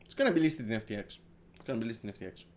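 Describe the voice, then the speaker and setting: A man's voice: lowish voice, animated, rapid-fire. A man hosting a casual crypto livestream who rambles, repeats his words, swears and laughs a lot, from Greece. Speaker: crypto stream host.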